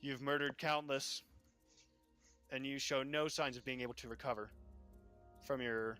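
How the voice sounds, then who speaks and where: A man's voice: mid-range voice, fairly even intonation, measured pace, pushed and bright, smooth, soft background music, pitched above the performer's own voice. A man voicing a stern male city magistrate in a tabletop game, formally reading out charges and sentences. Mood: severe.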